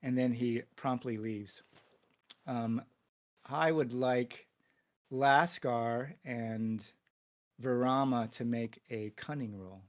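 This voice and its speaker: A man narrating as game master for a tabletop game, in a casual, halting way full of fillers. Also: mid-range voice.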